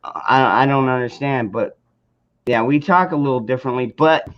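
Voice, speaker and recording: A man's voice: mid-range voice, moderate pace, fairly bright tone. A man from southwestern Arizona with a Southern accent, hosting a loose, rambling live panel chat and swearing freely. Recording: dull lo-fi audio.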